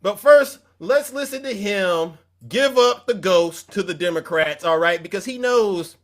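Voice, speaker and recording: A man's voice: high-pitched, measured pace. A man hosting a reaction show, mocking and lecturing the person in a clip. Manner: mocking, preachy, animated. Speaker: show host.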